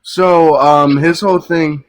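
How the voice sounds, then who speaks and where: A man's voice: on the high side, steady tone, takes it slowly, no echo, low-quality recording. A man calling in to a stream to make a political point, hesitant and full of ums. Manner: hesitant, lots of ums, gets cut off. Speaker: caller. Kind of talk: call-in debate.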